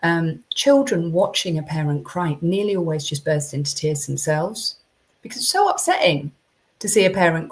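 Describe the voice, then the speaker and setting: A woman coaching parents in a chatty live-streamed talk, with many ums and restarts. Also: medium pitch.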